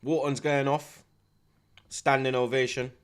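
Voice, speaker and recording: A man's voice: mid-range voice, measured pace, clean tone. Slang-heavy man hosting a watchalong. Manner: animated slang-heavy banter, shouting on big moments. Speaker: streamer hosting a live match watchalong. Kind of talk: live football watchalong commentary.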